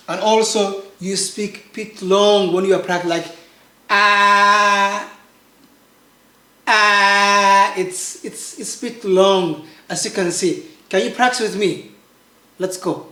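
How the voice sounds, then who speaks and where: A man's voice: high voice, echoey room. A man teaching an online language lesson, patiently repeating points and drawing out long sample sounds for the learner to copy. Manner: patient, repetitive drilling with sung-out sample sounds. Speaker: Chinese pronunciation teacher.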